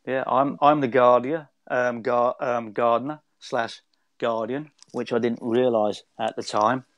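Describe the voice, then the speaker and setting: A man's voice: mid-range voice, steady tone, a little slow, lo-fi sound. Man telling a rambling spiritual story. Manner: rambling, with many restarts. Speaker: guest. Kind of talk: conversational storytelling.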